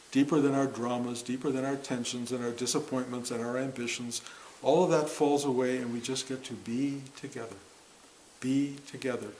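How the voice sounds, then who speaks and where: A man over fifty speaks to a meditation class in an even, mid-pitched voice. He talks in a reflective, unhurried way, pausing often and correcting himself mid-phrase. A faint hiss of noise sits behind him. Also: low-quality recording. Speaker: meditation teacher. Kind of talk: spiritual talk to a class.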